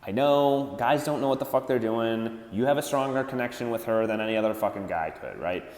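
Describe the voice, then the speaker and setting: A man's voice: mid-range voice, a little fast, a little mellow. A man giving dating advice in a blunt, profane rant. He swears freely and mocks others in put-on voices. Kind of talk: profane ranting advice monologue. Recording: echoey room with long reverb.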